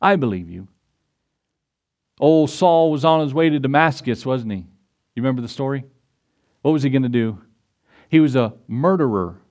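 A man's voice: mid-range voice, moderate pace, darkish tone. A man preaching a sermon as pastor, retelling scripture in a folksy way and asking his congregation rhetorical questions. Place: church.

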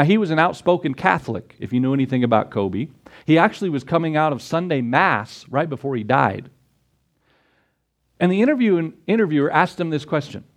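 A middle-aged man preaching a sermon, animated and storytelling, with excited peaks. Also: on the high side. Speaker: pastor.

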